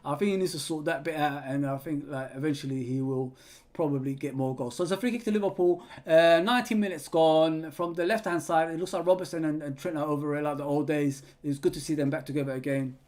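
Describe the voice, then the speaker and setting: Young male fan host, casual watch-along chat with excited play-by-play bursts, higher-pitched voice. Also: quick pace. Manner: chatty, reads viewer comments, bursts of excited play-by-play. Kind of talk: live football watch-along commentary.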